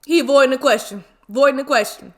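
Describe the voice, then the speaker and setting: A woman in her twenties telling a story casually while eating, animated and full of slang and exclamations. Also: sits high, fast. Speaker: mukbang vlogger.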